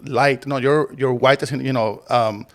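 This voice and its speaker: Halting man hosting a podcast. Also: mid-range voice, steady tone. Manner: halting, filler-heavy, repeats words. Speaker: podcast host. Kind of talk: casual podcast chat.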